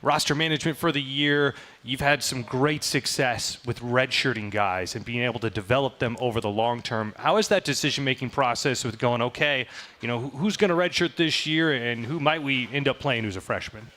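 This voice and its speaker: Bright-voiced male show host. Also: medium pitch, fairly quick. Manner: upbeat, asks long questions. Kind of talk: sports interview.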